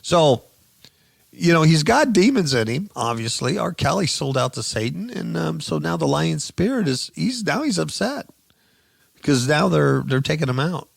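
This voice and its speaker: A man's voice: fairly high pitch, sing-song, moderate pace, gravelly, breathy edge, no room sound, studio quality. A man hosting a radio show, giving sarcastic, mocking commentary on news stories.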